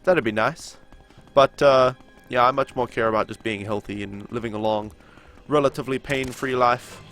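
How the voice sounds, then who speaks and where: A man's voice: medium pitch, fairly even intonation, normal speed, a bit bright, soft background music. A young man with a nasal voice and a sore throat, chatting casually as he streams a game and answers his viewers. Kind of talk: casual chat during a live game stream.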